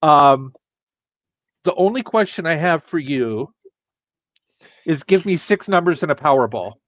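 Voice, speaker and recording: A man's voice: fairly high pitch, expressive, measured pace, no echo, muffled recording. A man hosting a casual podcast, earnest and hesitant, drawing his words out. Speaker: podcast host.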